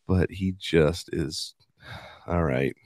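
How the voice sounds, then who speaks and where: A man co-hosting a casual sports podcast, laughing and getting animated as he reads out quotes. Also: low-pitched, slow pace, dry recording, studio quality. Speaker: podcast co-host.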